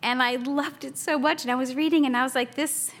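A woman's voice: sits high, fairly even intonation, fast, fairly bright tone. A woman in her thirties teaching a Bible study in a chatty, casual way, laughing often and acting out a toddler's small voice.

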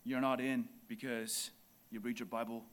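A man preaching a sermon in church, impassioned and building to near shouts. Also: mid-range voice, flat delivery, moderate pace.

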